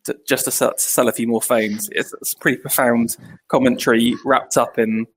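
Co-host man, flat delivery, searching for words as he comments. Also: medium pitch, husky. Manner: rambling, halting, with many you-knows. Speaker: co-host reacting to a clip. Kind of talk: casual commentary.

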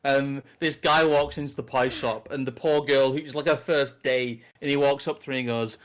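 A man's voice: mid-range voice, steady tone, moderate pace. A man chatting casually as a podcast host, rambling through tangents, correcting himself and laughing easily. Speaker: podcast host behind a history series. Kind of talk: casual chat.

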